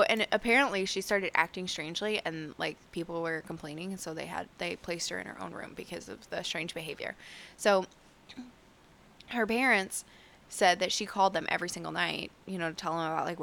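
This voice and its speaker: A woman's voice: lowish voice, brisk, gravelly, fairly bright tone. A young woman co-hosting a podcast, casually telling a mystery story with frequent laughs and rambling fillers. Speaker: podcast co-host.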